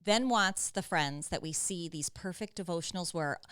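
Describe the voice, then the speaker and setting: Smooth-voiced woman co-hosting a podcast. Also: fairly low pitch, normal speed, fairly bright tone, no echo, studio quality. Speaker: podcast co-host. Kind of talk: casual conversation.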